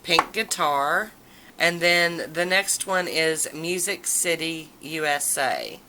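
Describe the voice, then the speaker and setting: A woman chatting casually and enthusiastically in a haul video, with drawn-out exclamations. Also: low voice, expressive, bright, forceful tone, a little hiss or hum, low-quality recording. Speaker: nail polish vlogger.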